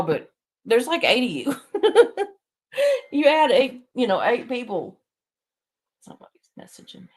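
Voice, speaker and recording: A woman's voice: on the high side, sing-song, a little slow, long pauses. A woman, hosting a casual livestream, rambling chattily to her viewers and laughing often. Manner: talks to viewers reading chat. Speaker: live stream host.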